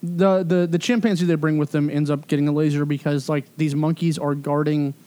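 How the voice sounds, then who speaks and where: A man's voice: fairly high pitch, level tone, brisk, dark tone. A man in his thirties chatting casually and telling a rambling story full of fillers and swearing. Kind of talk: casual chat.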